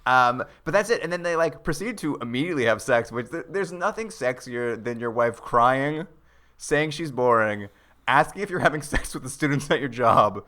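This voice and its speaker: A man's voice: medium pitch, normal speed. A man co-hosting a casual comedic chat, retelling a show's plot and mocking its characters in put-on voices. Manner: animated storyteller, acts out characters in mocking voices. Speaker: podcast co-host.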